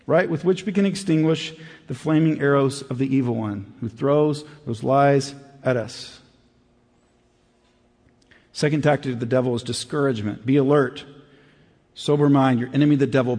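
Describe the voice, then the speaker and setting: A man preaching a sermon as pastor, in a conversational way that drops low and quiet for emphasis. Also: big-room sound.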